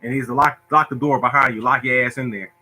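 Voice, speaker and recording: Bright-voiced man laughing through a story. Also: mid-range voice, fast talker, rough recording. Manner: laughs often, animated, imitates people. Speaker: storyteller host. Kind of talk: casual storytelling monologue to viewers.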